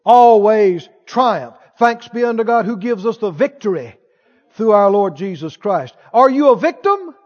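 A man's voice: high-pitched, expressive, unhurried, darkish tone. A man preaching a sermon with emphasis, asking the crowd for replies. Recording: dull lo-fi sound in a reverberant hall.

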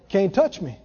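Male preacher, high and animated, deliberate pace, emphatic repetition; dull sound with long hall reverb. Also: slightly rough. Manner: emphatic, repeats for effect, laughs between points. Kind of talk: sermon.

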